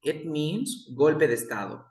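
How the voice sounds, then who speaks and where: A male English tutor speaks slowly and deliberately on a video call, repeating each word so his student can copy it. His voice carries a roomy echo, as if he is in a bare room. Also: a little high, big pitch swings, darkish tone. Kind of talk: online one-on-one English lesson.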